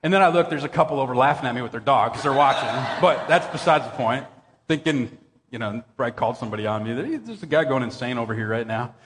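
A middle-aged man preaching a sermon as pastor, conversational and animated, telling jokey stories with bursts of shouting. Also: mid-range voice, fast talker, a little hiss or hum. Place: church hall. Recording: long hall reverb.

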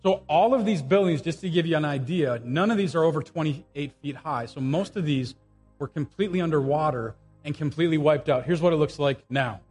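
A man's voice: fairly high pitch, brisk. A middle-aged man preaching an informal sermon full of personal stories and jokey asides, live in a church. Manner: chatty, animated, jokey asides. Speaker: guest pastor. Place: church sanctuary. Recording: live church audio with long reverb, faint music.

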